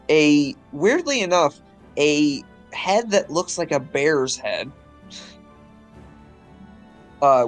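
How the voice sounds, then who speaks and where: A man narrating a tabletop game as game master, rambling with lots of ums and uhs. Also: a little high.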